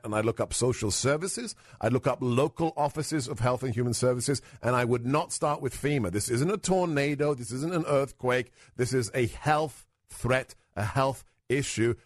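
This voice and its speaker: A man's voice: medium pitch, no echo. Emphatic male radio host, dry close sound. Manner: confident, emphatic, repeats phrases for stress. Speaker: radio talk show host. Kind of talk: call-in radio talk.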